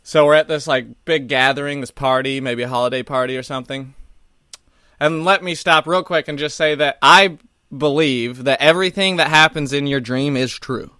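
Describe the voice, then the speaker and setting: A man's voice: mid-range voice, moderate pace, pushed and bright, clean tone, no room sound, clean studio sound. A man co-hosting a comedy podcast, telling rambling, profane stories and laughing often. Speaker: podcast co-host. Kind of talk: casual comedy podcast chat.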